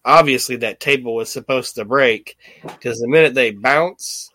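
A man's voice: medium pitch, moderate pace, no room sound. A man hosting a podcast, casually recapping an old wrestling show in a rambling, profane way and acting out what people said. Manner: rambling, profane, animated retelling with quoted voices. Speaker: podcast host.

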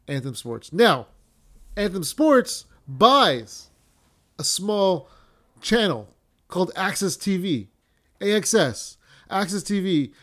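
A young man hosting a wrestling podcast, ranting casually with lots of swearing, fillers and restarts. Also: sits high.

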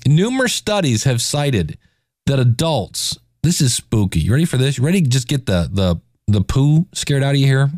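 A man's voice: medium pitch, darkish tone, dry recording, clean studio sound. A man in his forties hosting a casual solo podcast, talking in a self-deprecating, joking way. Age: 40s. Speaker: podcast host.

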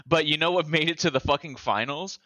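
A young man talks in an animated, loose way, swearing freely and laughing easily. His voice is bright and forceful. The sound is dry and close. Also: on the high side, brisk, no echo. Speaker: podcast co-host. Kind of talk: casual chat.

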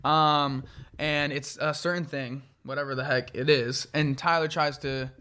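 A man's voice: a little high, level tone, a little slow, pushed and bright, clean tone. A young man co-hosting a podcast, chatting casually in slangy, profane talk as he runs the show's game segment. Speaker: podcast co-host. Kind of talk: casual chat.

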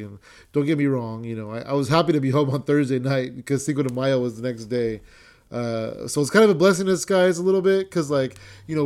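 A middle-aged man hosting his own podcast, chatting casually and excitedly, rambling with many restarts and repeated words and some swearing. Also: mid-range voice. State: a bit winded. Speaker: podcast host. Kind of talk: casual solo podcast chat.

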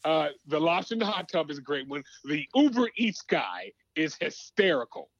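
A man's voice: a little high, big pitch swings, normal speed, dry recording, highs cut off. A man telling a rambling story in a casual radio chat, with many restarts. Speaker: show regular.

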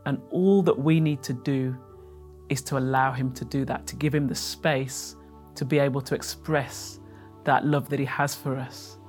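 A host of a faith interview program speaks in a gentle, reflective way that leans toward preaching. Faint guitar music plays softly behind the voice. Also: medium pitch, fairly even intonation, normal speed. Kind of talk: interview hosting.

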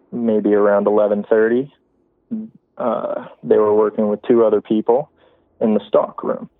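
Ringing in to a show, a man with a lowish voice relates an eerie story in a rambling, offhand manner packed with fillers and restarts. The phone recording is dry and tinny.

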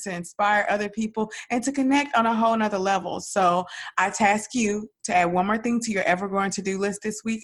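Here's a woman hosting a podcast, her mid-range voice a bit bright and her accent Southern Dallas. The talk is casual, cheerful and chatty, full of "girl" and "y'all."

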